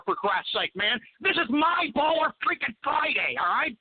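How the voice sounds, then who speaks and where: A man with a very high voice hosting talk radio, ranting hard and swearing between calls. The sound is thin and narrow, like it is coming through a phone line. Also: big pitch swings, normal speed, few pauses, no echo. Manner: profane, angry ranting. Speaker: radio show host.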